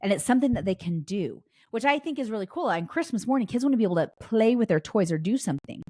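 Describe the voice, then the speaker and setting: A woman's voice: medium pitch, lively intonation, quick pace, darkish tone, no echo, studio quality. A woman hosting a podcast, chatting casually through a story with frequent restarts and fillers. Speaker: podcast host.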